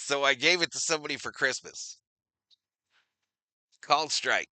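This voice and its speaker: A man's voice: medium pitch, sharp tone, no room sound. A middle-aged man hosting a live watch-party stream, chatting casually, reading viewer comments aloud and calling plays as they happen. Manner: chatty, reads viewer comments, repeats phrases, addresses chat as y'all.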